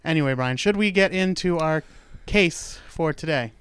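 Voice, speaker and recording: Smooth-voiced man hosting a chatty true-crime talk. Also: on the high side, moderate pace, fairly bright tone. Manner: rambling, jokey, self-correcting storyteller. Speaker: podcast host. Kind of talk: casual true-crime chat.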